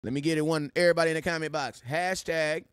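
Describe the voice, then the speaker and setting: A man hosting a sports live stream, giving loud, slangy shout-outs to viewers in casual chat. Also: on the high side, steady tone, quick pace, clear, resonant tone, no room sound, studio quality. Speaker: sports show host.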